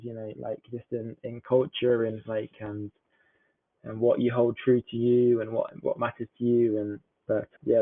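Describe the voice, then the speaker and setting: A man's voice: mid-range voice, no room sound. A young man from southern England with a southern English accent, chatting casually as a podcast guest and rambling through filler words. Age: young adult. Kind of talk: casual chat. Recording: tinny phone-like line.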